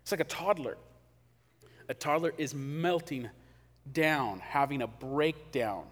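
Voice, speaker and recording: A man preaching a sermon in a casual, animated way, acting out quotes, in a church hall. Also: on the high side, takes it slowly, pauses often. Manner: conversational, animated, acts out quotes. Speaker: pastor. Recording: long hall reverb.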